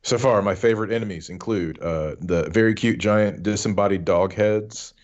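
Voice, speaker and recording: A man co-hosting a video game podcast, chatting casually with wry, deadpan humor. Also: on the low side, normal speed, lo-fi sound. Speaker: podcast co-host. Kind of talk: casual chat.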